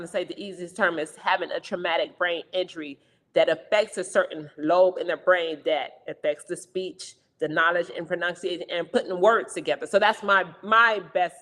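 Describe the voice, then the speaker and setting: A young woman co-hosting a casual talk show, talking fast and loudly in an animated, energetic way. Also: lowish voice, big-room sound. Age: young adult. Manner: fast, loud, animated talker. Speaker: co-host, stroke survivor. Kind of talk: casual chat.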